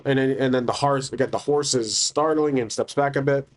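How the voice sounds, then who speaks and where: A man's voice: medium pitch, steady tone, a little fast, few pauses. A man narrating a solo tabletop game, thinking aloud hesitantly with many restarts.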